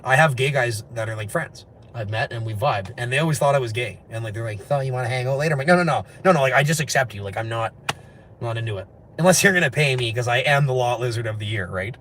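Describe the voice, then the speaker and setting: A man from Canada chatting on a late-night livestream, reading viewer comments and rambling very fast between laughs. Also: mid-range voice, a bit bright, a little hiss or hum. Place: indoors at night, after a street walk.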